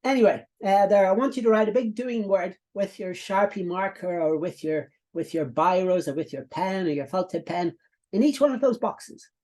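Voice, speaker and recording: A man's voice: high voice, moderate pace, darkish tone. A middle-aged man walks viewers through a coaching lesson. He talks in a chatty, instructive way, piling up repetitions, fillers and asides. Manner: instructive, repeats himself, many fillers and asides. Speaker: business coach.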